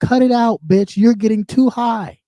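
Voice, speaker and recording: A man's voice: extremely high pitch, fairly even intonation, normal speed, warm tone, no echo, dull audio. A man ranting on a livestream, mocking and heated, swearing constantly. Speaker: livestream host. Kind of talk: profane livestream rant.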